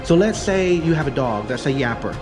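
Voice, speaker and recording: A man's voice: mid-range voice, a little fast, music in the background. A man working as a dog trainer, giving an in-home consultation in an emphatic, repetitive teaching manner. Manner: emphatic, repetitive teaching, acts out excited praise.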